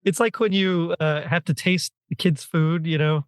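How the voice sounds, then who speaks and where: A man's voice: fairly high pitch, steady tone, moderate pace, smooth, no echo, clean studio sound. A man guesting on a podcast, chatting easily about a cartoon and laughing often. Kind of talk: casual chat.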